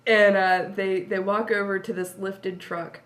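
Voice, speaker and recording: A woman's voice: medium pitch, unhurried. A woman telling a casual anecdote as an interview guest, acting out quotes and laughing often. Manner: lively storyteller, acts out quotes, laughs often.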